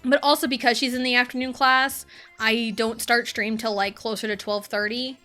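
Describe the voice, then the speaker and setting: A young adult woman streaming a party game live, swearing freely and swinging from frustrated yelling to low muttering. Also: level tone, normal speed. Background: game music.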